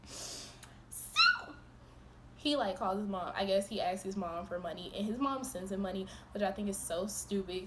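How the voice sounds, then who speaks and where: A young woman in a storytime vlog, retelling events in an animated, profane, exasperated way, breaking into laughs. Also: medium pitch, measured pace, a little hiss or hum. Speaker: vlogger.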